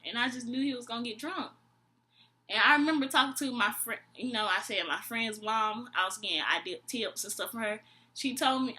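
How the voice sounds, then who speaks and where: A young woman vlogger telling a storytime tale in a slangy, exasperated way, acting out both sides of the conversation. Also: on the high side. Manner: animated, acts out both sides of the dialogue. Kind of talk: storytime vlog.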